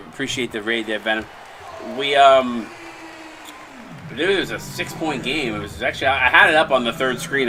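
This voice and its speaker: Bright-voiced man casting a sim basketball stream. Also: mid-range voice, slight background noise. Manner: rambling, restarts often, thanks viewers. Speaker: play-by-play caster and stream host. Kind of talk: casual live-stream game commentary.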